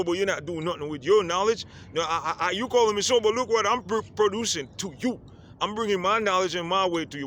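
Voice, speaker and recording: Outdoors, with light street noise behind him, a vlogger who grew up on a Caribbean island speaks casually to the camera. His voice is high and fairly bright, and "you understand?" comes up again and again.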